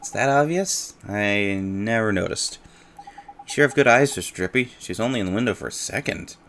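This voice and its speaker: Player voicing a gentle boy hero, lower and softer than their own voice, sincere and a little unsure. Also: expressive, moderate pace, a little hiss or hum. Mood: earnest. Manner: soft, earnest, hesitant.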